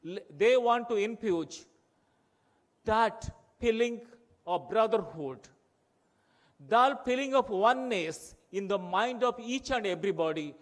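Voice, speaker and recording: A man's voice: high-pitched, lively intonation, a little slow. A man from Odisha with an Odia-accented Indian English, giving an impassioned, rhetorical conference speech full of repetition. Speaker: conference speaker.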